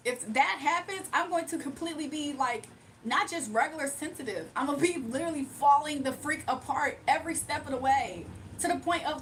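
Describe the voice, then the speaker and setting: A high-pitched woman chats with her livestream viewers in a loose, animated way, laughing often as she talks. She sits a little back from the mic, and a faint hum of noise runs under her voice. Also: far from the mic, rough recording. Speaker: livestream host. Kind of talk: casual livestream chat.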